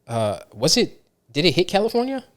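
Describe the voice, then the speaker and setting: A man's voice: high voice, wildly swooping pitch, normal speed. A man hosting a podcast, telling stories in a rambling way full of "like". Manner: rambling storyteller, many "like" and restarts. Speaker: podcast host. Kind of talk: casual podcast chat.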